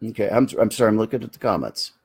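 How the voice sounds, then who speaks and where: A man with a husky voice hosts a casual live Q&A. He explains things earnestly and often wanders into side remarks while answering viewer comments. His voice sounds dry and close. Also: fairly low pitch, expressive, rapid-fire, no echo. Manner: earnest, explanatory, drifts into asides and restarts. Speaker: host of a live Q&A show.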